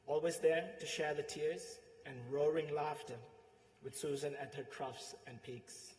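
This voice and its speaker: A man's voice: on the high side, fairly even intonation, slight background noise. Sri Lankan man giving a heartfelt eulogy. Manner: heartfelt, pausing, softens at the ends of phrases. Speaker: eulogist, friend and coworker. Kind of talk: eulogy speech with anecdotes. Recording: echoey hall with long reverb.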